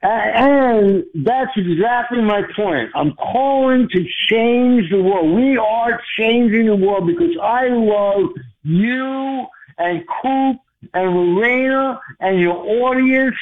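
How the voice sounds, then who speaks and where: An excitable man calls in over a tinny phone line. His voice sits very high and he speaks slowly, earnest and quick to laugh. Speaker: caller. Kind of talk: call-in radio segment.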